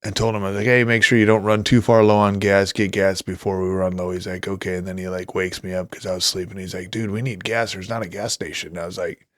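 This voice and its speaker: A middle-aged man with a fairly low voice tells an anecdote in relaxed conversation, jumping up into quoted voices as he acts out the people in it. The sound is close and dry with no room to it. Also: fast talker, hardly any pauses, no room sound. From North Dakota, US. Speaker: guest, retired Army Ranger. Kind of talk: casual storytelling.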